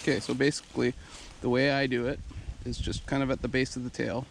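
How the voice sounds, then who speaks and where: A man's voice: mid-range voice, fast talker, vocal fry. Winded man talking casually outdoors. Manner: casual, excitable when the hawk dives. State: out of breath. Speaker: falconer vlogger. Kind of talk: outdoor hunting vlog narration. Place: outdoors in fields and woods. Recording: outdoor noise behind the voice.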